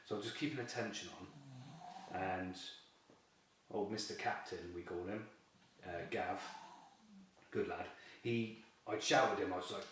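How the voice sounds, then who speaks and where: A lowish-voiced man tells a story in a loose, chatty way and breaks into laughs often. He sits well back from the mic in a very echoey room, with a faint hiss behind him. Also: a little slow, long pauses, far from the mic. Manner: lively, chatty, laughs often while telling the tale. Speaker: carp angler, fishing team member. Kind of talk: casual storytelling in an interview.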